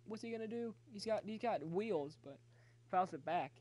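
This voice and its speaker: A young man with a fairly high voice streams a baseball video game live from his phone. He cheers his batters on and chats loosely with his viewers. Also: moderate pace. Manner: excitable, talks to chat, cheers players on. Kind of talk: live gameplay commentary.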